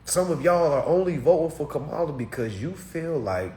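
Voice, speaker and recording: Animated man ranting to his listeners. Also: on the high side, normal speed, hardly any pauses, a little hiss or hum. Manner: animated, emphatic, talks straight to listeners. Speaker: commentator. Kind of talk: casual political rant to camera.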